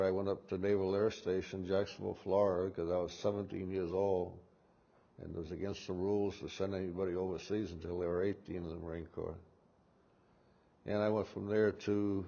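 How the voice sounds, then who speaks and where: A man in his eighties with a Massachusetts accent, recalling his memories in an interview and rambling with halting restarts. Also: deep voice, gravelly, dark tone, highs cut off. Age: 80s. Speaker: war veteran interviewee.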